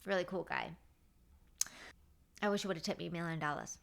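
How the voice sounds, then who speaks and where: Speaking briskly in a low, creaky voice, a podcast host in her thirties tells chatty work stories in a casual monologue. She fills her talk with fillers and animatedly acts out quotes from the people involved.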